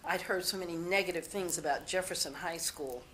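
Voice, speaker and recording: Speaking fairly quickly in a low-side, somewhat bright voice, an interviewed woman rambles candidly through personal stories and frequently restarts sentences. There's slight background noise.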